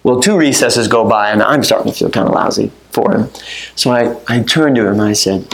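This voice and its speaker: A man preaching a sermon, swinging from low, measured teaching to high, urgent pleading. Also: vocal fry. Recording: roomy echo.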